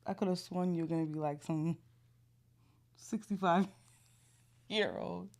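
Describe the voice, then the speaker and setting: A woman in her thirties co-hosting a relaxed podcast. She tells stories with sass and animated, mock-indignant flair. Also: on the low side, measured pace, creaky. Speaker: podcast co-host. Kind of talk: casual storytelling chat.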